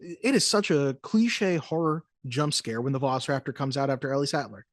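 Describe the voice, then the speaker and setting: A podcast co-host chatting casually about a film, animated and jokey, often slipping into quick mock voices. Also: medium pitch, no echo, studio quality. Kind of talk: casual movie-review chat.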